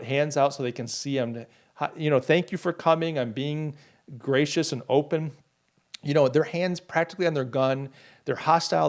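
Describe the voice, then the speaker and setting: Rambling, indignant male podcast host. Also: mid-range voice. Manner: rambling, indignant, many restarts and fillers; reads and answers chat comments. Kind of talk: casual live commentary.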